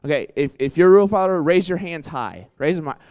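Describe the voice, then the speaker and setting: A young man preaching in a loose, storytelling way to a live crowd, his clear, smooth voice bouncing up and down in pitch. He talks in a chatty rush of "like" and "right?", pausing to quiz his listeners. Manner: chatty and animated, full of "like" and "right?", quizzes the crowd. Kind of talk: casual storytelling sermon. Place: church hall with a live audience.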